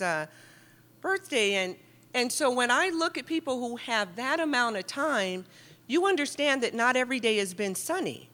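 A middle-aged woman giving a lively, joking and heartfelt talk to an audience in a meeting hall. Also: a little high. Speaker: guest speaker at a recovery meeting.

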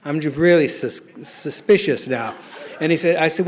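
A middle-aged man gives a personal testimony in a wry, self-mocking storytelling manner. His voice sits a little high for a man, and laughter often runs through what he says. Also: moderate pace, a little hiss or hum. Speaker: speaker sharing recovery story.

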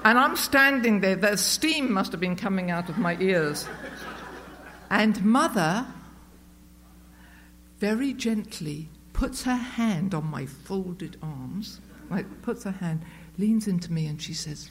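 A woman's voice: medium pitch, animated, slow, a bit bright, a little hiss or hum. A woman sharing a personal story with a group at a meeting, chatty and self-mocking, with many fillers and restarts. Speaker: speaker sharing at a recovery meeting. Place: meeting room with a live audience.

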